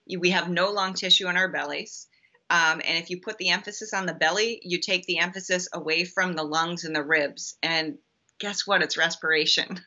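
A woman's voice: on the low side, steady tone, moderate pace, sharp tone, lo-fi sound. A woman guest on a podcast interview, explaining emphatically with many ums and restarts. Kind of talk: conversational interview answer.

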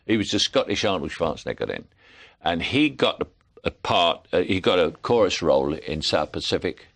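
A man's voice: sits low, normal speed. An older man with a London Cockney accent, a jet-lagged actor guest telling anecdotes and laughing often. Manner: animated storyteller, laughs often. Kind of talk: anecdotal interview chat.

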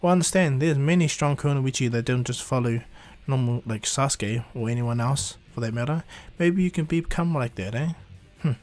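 Man playing a laid-back young ninja sensei, steady, reassuring, mid-pitched, faint music behind. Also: normal speed, few pauses, natural voice. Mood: probing. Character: calm young male ninja teacher.

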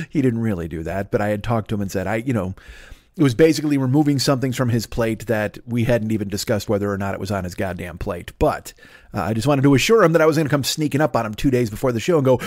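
A man's voice: medium pitch, fast talker, a little mellow, dry recording, clean studio sound. A man in his forties hosting a comedy podcast, riffing in a rambling, profane monologue that loops back on its own bits. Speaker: podcast host.

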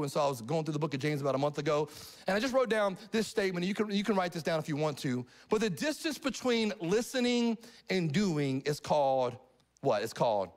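A middle-aged male pastor preaching a live sermon in church, animated and often asking the congregation questions. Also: fairly high pitch. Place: church sanctuary.

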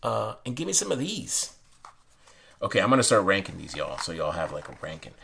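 Excitable deep-voiced man unboxing cards. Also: a little fast, creaky. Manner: excitable, chatty, drops to a hush. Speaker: playing card channel host. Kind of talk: casual unboxing commentary. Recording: noisy room with card handling sounds. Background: shuffling cards and clicks.

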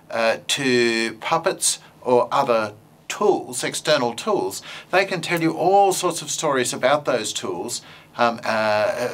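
A man's voice: mid-range voice, a bit bright. A male educator giving an informal talk on using puppets in teaching, playful and full of fillers and hesitations, then telling a simple story.

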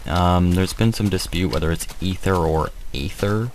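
A man giving casual, hesitant commentary while showing a game mod, with many pauses and fillers. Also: low-pitched, darkish tone, slight background noise, low-quality recording. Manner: hesitant, many ums, rambling.

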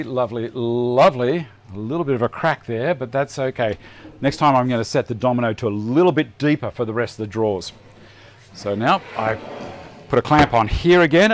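A man's voice: mid-range voice, background noise. A middle-aged Australian man hosting a live woodworking show, chatting casually and thinking aloud as he works at the bench. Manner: chatty, self-deprecating, thinks aloud while working. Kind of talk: live workshop demonstration chat.

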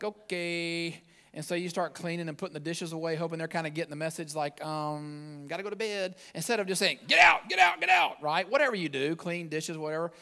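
Male pastor, sermon delivery, fairly high voice, swells loud then sinks low, talks to the room in asides. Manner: emphatic preaching, rising loud for emphasis and dropping low at phrase ends; conversational asides to the congregation. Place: church sanctuary.

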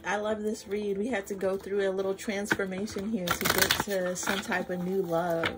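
A woman's voice: medium pitch, level tone, normal speed. Effusive woman tarot reader over music. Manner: effusive, swears freely, addresses viewers as y'all. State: flustered and emotional. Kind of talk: casual tarot reading vlog.

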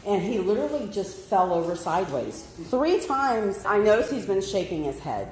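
A woman's voice: mid-range voice, big pitch swings, moderate pace, darkish tone, soft background music, poor audio. A woman, chatting casually on a phone vlog about her dog, laughing often. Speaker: dog owner vlogger. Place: car, then vet clinic.

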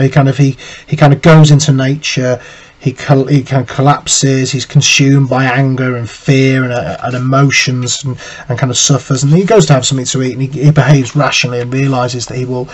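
On a low-quality recording, a man with a mildly mellow mid-range voice teaches literature, reading out quotations and picking them apart. His manner is thoughtful, with frequent restarts and plenty of "you know" fillers.

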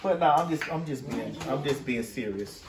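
A woman's voice: extremely low pitch, lively intonation, moderate pace. A woman hosting a casual behind-the-scenes chat, brash, profane and teasing, talking to people in a house. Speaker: host. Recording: echoey room, far from mic, crowd.

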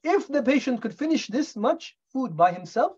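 A man's voice: very high voice, very animated, moderate pace, darkish tone, husky, muffled recording. A middle-aged man from the UK, a doctor giving a talk on medical history in a storytelling way, often asking the audience rhetorical questions. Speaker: guest speaker, doctor.

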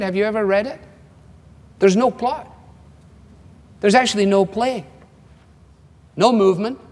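A man in his seventies with a Scottish accent, preaching a sermon in a wry, conversational way, acting out quotes. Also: high-pitched. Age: 70s. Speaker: pastor. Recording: long hall reverb.

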